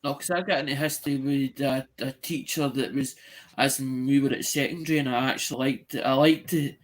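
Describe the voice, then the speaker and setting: A man's voice: mid-range voice, steady tone, fairly quick. A man chatting eagerly on a live stream, speaking with enthusiasm and addressing others by name. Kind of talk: casual chat.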